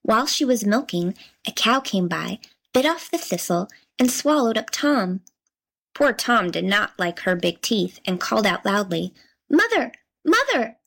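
Female storybook narrator, mid pitch, measured and gently expressive telling. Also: gravelly, rough recording. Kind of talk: storybook reading.

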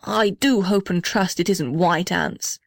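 A woman's voice: lowish voice, measured pace, creaky, dry recording, studio quality. A woman playing an old, kindly gum tree. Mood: fretful. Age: older. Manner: gentle, steady. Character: old male gum tree, stiff but kind.

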